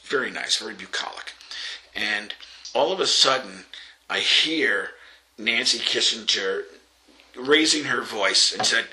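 An older man from Long Island spins an anecdote with a bright, ringing voice pitched a little low. He acts out the people he quotes and laughs along the way. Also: lively intonation, measured pace, long pauses, slight background noise, rough recording. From Long Island, New York. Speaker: interviewee. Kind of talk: telling an anecdote.

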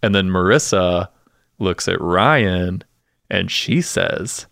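A man co-hosting a podcast, chatting casually and acting out TV scenes with quick voices. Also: low-pitched, vocal fry, dry recording, studio quality. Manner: animated, acts out scenes with voices. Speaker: podcast co-host. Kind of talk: casual chat recapping a TV episode.

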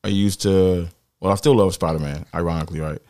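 A man co-hosting a podcast, blunt and animated, swearing freely as he talks. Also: low voice, a little fast. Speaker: podcast co-host. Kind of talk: casual podcast chat.

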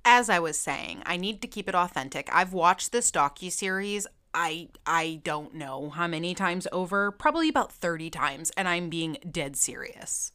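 A young woman hosting a casual vlog, ranting in an animated, profane, emphatic way. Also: fairly low pitch, moderate pace, few pauses. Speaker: video host.

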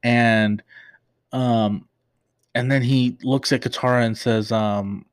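A man's voice: mid-range voice, steady tone, slow, clear, resonant tone, no room sound. A young man hosting a podcast, chatting through an episode recap with many fillers and restarts, openly emotional. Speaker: podcast host.

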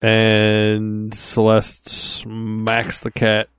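A young man narrating as game master of a tabletop game, slow and halting, often laughing. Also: fairly low pitch, monotone, clear, resonant tone, no echo.

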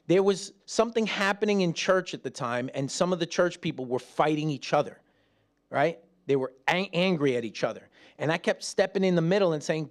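A man preaching a sermon, telling stories with laughs and acting out quotes, dropping soft and slow for prayer. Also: a little high. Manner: animated storytelling with laughs and acted-out quotes; drops soft and slow when praying aloud.

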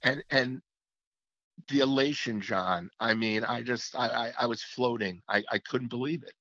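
With a medium-pitched, sharp-toned voice at a moderate pace, a man who used to call hockey games play-by-play reflects on the past in an interview, often beginning sentences again. The lo-fi audio is a bit muffled and has no room sound.

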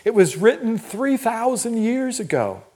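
An older man preaching a sermon as pastor, telling personal stories in an animated, emphatic way. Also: very high-pitched, unhurried. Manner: storytelling, animated and emphatic, laughs at own stories. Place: church.

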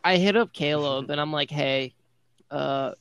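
A man's voice: fairly high pitch, a little slow, a bit bright, smooth, no room sound. A young man telling a rambling story to friends on a podcast, packing it with "like.". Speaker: podcast guest. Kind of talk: casual chat among friends.

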